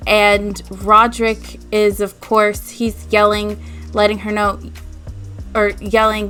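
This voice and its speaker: A woman's voice: medium pitch, monotone, takes it slowly, bright, forceful tone, faint music behind. A woman hosting a let's play, retelling the story of her game in a chatty way. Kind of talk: casual game narration.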